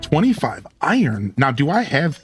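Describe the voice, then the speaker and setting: A man's voice: fairly high pitch, big pitch swings, moderate pace, faint music behind. A man streaming a video game and chatting casually with his viewers. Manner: chatty, talks to chat, "dude" and "like". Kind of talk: casual let's-play commentary.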